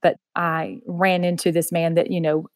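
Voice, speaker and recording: A woman's voice: on the low side, little pitch movement, moderate pace, no echo, clean studio sound. A woman with a Southern US accent, earnestly telling her personal story in an interview, with lots of "you know.". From Texas. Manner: soft-spoken, earnest, heavy use of "you know". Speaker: interview guest.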